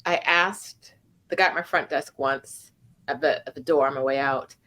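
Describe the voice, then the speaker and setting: A woman co-hosting a casual chat, telling animated stories peppered with "like" and "right?". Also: extremely low pitch, moderate pace. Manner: animated storytelling with lots of "like" and "right?". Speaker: co-host. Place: home in Mexico City.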